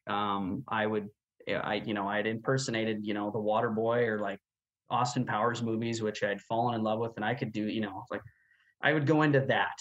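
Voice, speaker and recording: Chatty storytelling man in his thirties. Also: lowish voice. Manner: chatty, animated storyteller with easy laughs. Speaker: guest, rodeo announcer. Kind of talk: casual storytelling interview.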